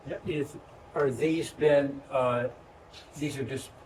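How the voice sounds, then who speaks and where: A man in a training session who asks casual, halting questions and searches for his words. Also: mid-range voice, fairly even intonation, darkish tone. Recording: distant mic with faint noise.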